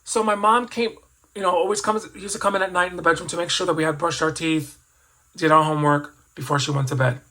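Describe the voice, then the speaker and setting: A man's voice: a little high, steady tone, fast talker, pushed and bright, poor audio. A man in his fifties telling a personal childhood story as a toy collector vlogger. He rambles and reflects, restarting sentences and adding asides as he goes.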